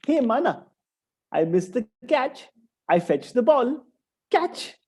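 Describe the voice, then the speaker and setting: A man's voice: extremely high pitch, very animated, slow, breathy edge, voice pushed up, full character voice. A man voicing a cheeky, playful young boy in a children's story. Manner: teasing, bright and bouncy.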